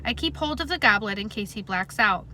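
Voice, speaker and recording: A woman reading a novel aloud in a plain, steady, conversational way. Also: medium pitch, brisk, slight background noise, poor audio. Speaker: reader.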